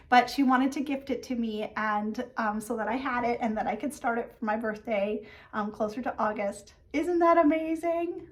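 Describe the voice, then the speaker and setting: A woman in her thirties hosting a stitching vlog, telling a story in a chatty way with many fillers and acted-out quotes. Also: a little high. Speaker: flosstube host. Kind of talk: casual chat.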